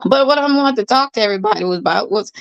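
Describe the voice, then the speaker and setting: A woman's voice: mid-range voice, rapid-fire, gravelly, no echo, lo-fi sound. A middle-aged woman, hosting a casual livestream from her bed, tired, chatty, repeating herself and greeting viewers by name. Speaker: livestream host. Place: in bed at home.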